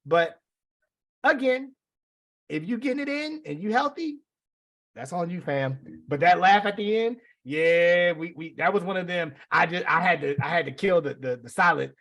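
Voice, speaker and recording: Man with a slightly high voice, rambling. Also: expressive, moderate pace, fairly bright tone. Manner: rambling, self-correcting, chuckling. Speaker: podcast co-host. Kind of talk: casual podcast banter.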